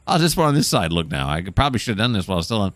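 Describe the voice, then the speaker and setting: Low-voiced man rambling over gameplay. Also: very animated, quick pace, no room sound. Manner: rambling, self-correcting, chatty. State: hiccuping. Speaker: gameplay host. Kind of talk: casual game commentary.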